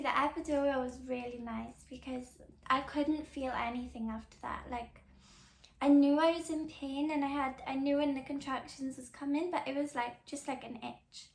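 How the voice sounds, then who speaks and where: A young woman tells her own story on a podcast, chatty and loose with lots of filler words. Her voice sits high, with a gravelly fry at the ends of phrases. The room around her is noticeably echoey. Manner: chatty, many "like" fillers, soft and confiding. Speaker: podcast host. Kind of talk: casual personal storytelling.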